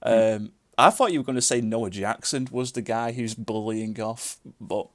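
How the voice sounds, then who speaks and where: A man's voice: on the low side, normal speed. A man hosting a podcast, teasing his co-hosts and laughing often in loose, casual chat. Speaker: podcast host.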